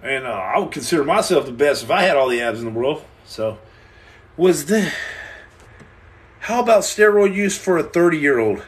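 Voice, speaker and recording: A man from the United States hosting a live stream, joking with viewers and reading their questions, animated and playful, acting out little scenes, stammering and restarting as he goes. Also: a little high, moderate pace. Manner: animated and playful, acts out scenes and repeats himself. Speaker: livestream host answering viewer questions.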